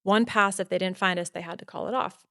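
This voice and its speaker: A woman guest on a podcast telling a personal story in casual talk, animated and full of "like" fillers. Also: medium pitch, fast talker, no echo, clean studio sound. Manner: animated, acts out quotes, many "like" fillers.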